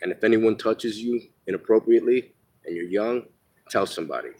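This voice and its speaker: Low-voiced man telling rough street stories. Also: a little fast, darkish tone. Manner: rambling, profane, with many fillers; earnest, gives blunt advice to listeners. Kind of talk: candid personal storytelling monologue.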